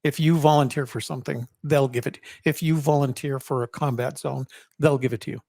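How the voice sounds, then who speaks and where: A man in his seventies telling a personal story in an interview, reflective, with halting restarts. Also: medium pitch, fairly even intonation, vocal fry, darkish tone, no echo, clean studio sound. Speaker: guest, army veteran and co-author.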